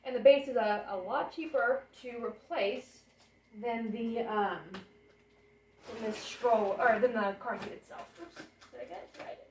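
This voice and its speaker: A young woman with a fairly high, darkish voice speaks at a measured pace for a home vlog. She chats and rambles, thinking aloud as she unpacks baby gear in her apartment bedroom; the sound is roomy with the camera a bit far off, and a portable air conditioner hums behind her.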